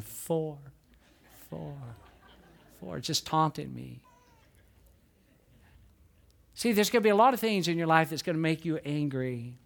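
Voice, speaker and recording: A high-pitched man preaching a sermon as a pastor. He tells stories with lively bursts of feeling, then drops to soft, earnest asides. He sounds middle-aged. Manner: storytelling, swings from animated outbursts to hushed earnest tones.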